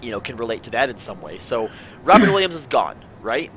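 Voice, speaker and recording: A man's voice: mid-range voice, big pitch swings, brisk, a bit bright, a little hiss or hum, poor audio. A man hosting a casual panel chat, asking his guests questions and rambling through his own musings. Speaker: podcast host.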